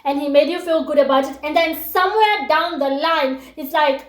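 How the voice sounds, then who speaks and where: A woman's voice: high-pitched, moderate pace, few pauses, roomy sound. A woman in her thirties with a youthful, baby-like voice, chatting casually as she gives relationship advice with lots of fillers and asides. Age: 30s. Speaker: relationship talk speaker.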